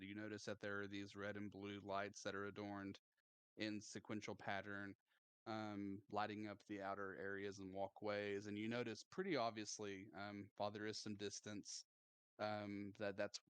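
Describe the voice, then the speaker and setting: Low, smooth-voiced man narrating a game. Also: dry recording. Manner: casual, halting narration with many fillers. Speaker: game master.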